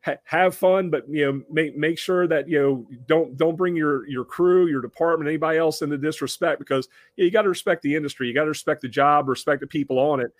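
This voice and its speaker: A man hosting a podcast, telling a story casually with many restarts and animated impressions of the people in it. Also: fairly high pitch, quick pace, few pauses, no room sound, studio quality. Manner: animated, acts out other people in raised voices; conversational with frequent restarts. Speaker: podcast host.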